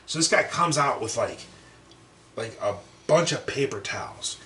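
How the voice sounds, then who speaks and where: A young adult man on a podcast, telling a story in casual talk, profane and animated, acting out what people said. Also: medium pitch, unhurried, far from the mic. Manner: profane, animated, acts out quotes. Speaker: podcast co-host. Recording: roomy echo, set back from mic, faint background noise.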